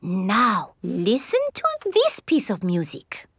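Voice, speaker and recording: A woman voicing a gentle female gazelle music teacher in a children's cartoon, patient and encouraging with her class. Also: medium pitch, huge pitch swings, slow pace, exaggerated voice. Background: loud background music.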